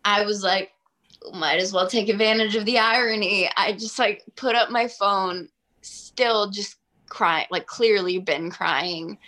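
Young woman, bright, tense tone, chatty interview guest peppering every line with "like.". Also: mid-range voice, measured pace. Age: 20s. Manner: chatty, heavy use of "like", animated. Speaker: singer-songwriter guest. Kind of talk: casual interview storytelling.

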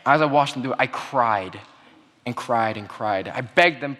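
A young man giving a sermon-style talk, telling a childhood story in an earnest way that goes quiet at the sad moments. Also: medium pitch, moderate pace. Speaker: speaker giving a Christmas message. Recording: long hall reverb.

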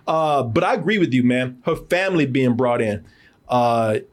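A man hosting a casual movie review podcast, animated and laughing often, tripping over repeated words. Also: mid-range voice, normal speed. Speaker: podcast host.

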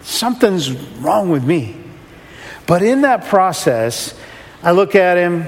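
A man's voice: high voice, very animated, slow. A man who runs a rescue mission, telling a humorous, self-mocking story to an audience. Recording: long hall reverb.

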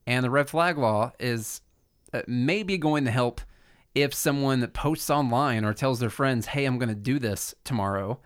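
A man's voice: mid-range voice, a little slow. A man co-hosting a podcast, explaining his points in casual talk with many fillers. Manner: explanatory, filler-heavy, speeds up telling stories. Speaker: podcast co-host. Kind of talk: casual political podcast chat.

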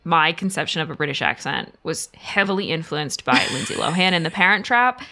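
A woman's voice: sits low, expressive, a little fast, sharp tone. A young woman co-hosting a casual podcast, telling stories in a playful, self-mocking way with lots of "like.". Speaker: podcast co-host. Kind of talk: casual podcast chat and timed storytelling.

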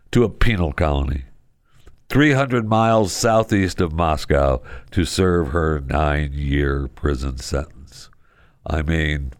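A man's voice: low voice, fairly bright tone, dry recording. A man hosting a talk show, delivering a casual monologue with chatty, opinionated asides and wry humor. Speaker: radio show host.

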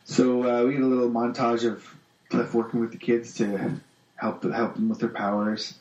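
A man hosting a casual comic book podcast, retelling a story with lively acted voices. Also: medium pitch, moderate pace, far from the mic. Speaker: podcast host. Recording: dull, echoey room sound.

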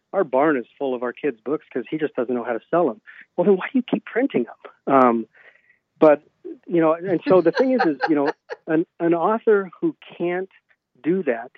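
A man's voice: fairly high pitch, no room sound. A male author tells long rambling stories and plays out every quoted exchange, leaning on ums and you-knows. His voice comes through a narrow, phone-like line with a very dry sound and no room around it. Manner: rambling anecdotes with many fillers, acts out quoted dialogue. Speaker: self-published author, guest. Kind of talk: casual storytelling interview.

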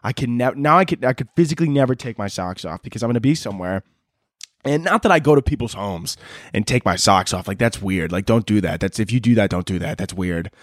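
A man's voice: on the low side, animated, fast, dry recording, clean studio sound. A young man hosting a podcast, ranting casually and sarcastically with lots of swearing. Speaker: podcast host. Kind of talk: casual solo rant.

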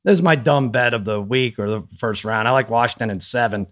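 A man co-hosting a casual sports betting podcast, animated and quoting others as he talks. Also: medium pitch, brisk. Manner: animated, quotes people in put-on voices. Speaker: podcast co-host.

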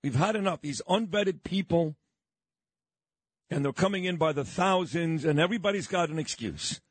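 Husky, combative talk radio host. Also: male voice, a little high, expressive, normal speed, dry recording. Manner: fired-up, blunt and combative. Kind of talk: talk radio monologue and interview. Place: radio studio. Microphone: studio microphone.

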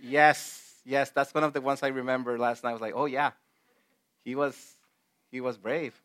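A man's voice: mid-range voice, fairly even intonation, moderate pace, fairly bright tone, smooth. A man who is not a native English speaker, leading a casual Bible study in an earnest, emphatic way with many fillers and restarts. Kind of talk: casual group Bible teaching.

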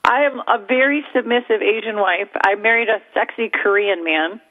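A woman in her thirties, a comedian being interviewed, chatting in a sassy, self-mocking way with quick asides. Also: mid-range voice. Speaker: comedian guest. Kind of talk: joking interview chat. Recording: tinny phone-like line.

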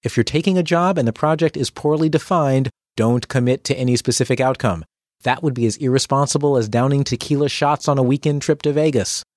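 A man's voice: medium pitch, brisk, a little mellow, no room sound, clean studio sound. A man hosting a tips podcast, reading a script with playful, dramatic asides. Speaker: podcast host.

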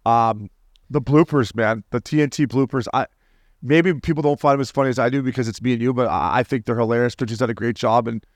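A man co-hosting a podcast in casual chat, brash and animated, swearing freely as he tells stories. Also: mid-range voice, fast, no room sound, studio quality. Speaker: podcast co-host.

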